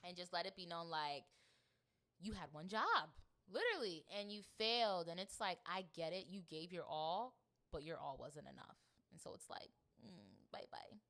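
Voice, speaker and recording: A young woman from Florida co-hosting a podcast in casual chat, animated and acting out scenes. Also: fairly low pitch, normal speed. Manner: animated, acts out scenes with quoted voices. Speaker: podcast co-host.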